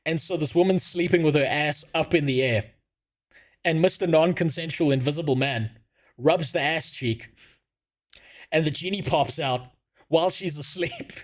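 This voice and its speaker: A man's voice: fairly high pitch, normal speed. A young man telling a crude comic story at home on a stream, swearing often and laughing as he goes. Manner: profane, laughing, animated.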